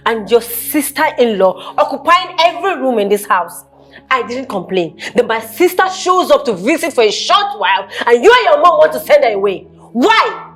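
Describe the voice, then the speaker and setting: An aggrieved, overworked young wife in a Nigerian film drama. Her voice sits a little high with a Nigerian English accent, insistent, with faint music underneath. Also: a bit bright.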